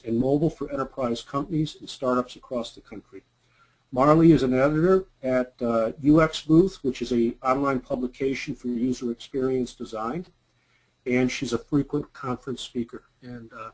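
A man's voice: medium pitch, low-quality recording. Man introducing a webinar speaker. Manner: plain, with small hesitations. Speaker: webinar host.

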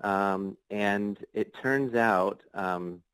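A man's voice: on the low side, drawn-out words, a bit bright, clean tone, no room sound, low-quality recording. A man, a podcast guest, telling a long story in a casual, rambling way, full of fillers and restarts. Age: adult.

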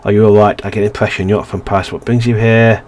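A soft-spoken young priest from a story game, kind and bookish, speaks with polite concern, as a man reads him in his own lowish voice. The lines come across as plainly read game dialogue. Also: level tone, quick pace, slight background noise, close to an everyday voice. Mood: chatty. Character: kindly young male priest, bookish and gentle.

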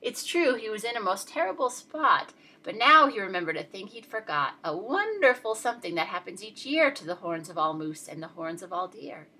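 A woman reading a rhyming picture book aloud in a lively, expressive, sing-song way. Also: mid-range voice, moderate pace, few pauses, slightly rough. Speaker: storyteller.

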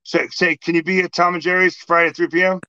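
Middle-aged male host, animated storyteller; slightly high voice, muffled lo-fi recording. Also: fast talker, smooth, no echo. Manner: animated storyteller acting out exchanges. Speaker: podcast host. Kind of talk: casual chat. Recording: dull lo-fi sound.

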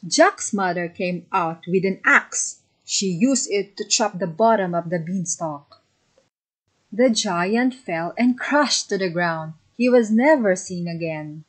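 A woman narrating a children's fairy tale in a slow, simple storybook manner. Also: lowish voice, slightly rough, rough recording.

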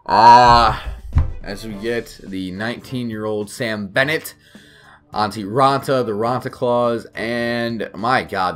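A young man rambling excitedly through a video game pack opening, full of fillers. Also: fairly high pitch. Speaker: gaming YouTuber.

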